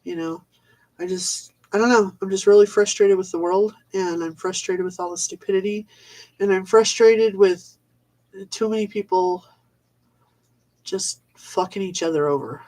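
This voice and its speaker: A woman's voice: medium pitch, normal speed, mellow, low-quality recording. Exasperated woman ranting. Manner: exasperated, swearing, rambling with fillers. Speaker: vlogger. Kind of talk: ranting casual monologue.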